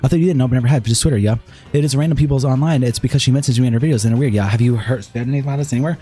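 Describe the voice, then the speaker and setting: A man's voice: mid-range voice, racing, warm tone, slightly rough, faint music behind. A man streaming, reading a written statement and its text messages aloud straight through, with sighs between passages.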